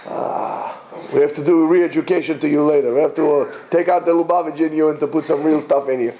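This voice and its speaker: Gravelly-voiced male teacher, teasing. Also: fairly high pitch, mellow. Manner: teasing, quizzes listeners, repeats words slowly. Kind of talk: classroom lecture. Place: classroom.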